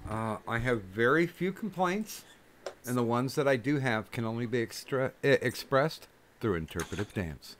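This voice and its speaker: A man's voice: mid-range voice, expressive, moderate pace, a bit bright. A man hosting a podcast in casual chat, rambling and joking with many fillers. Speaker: podcast host. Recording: noisy recording.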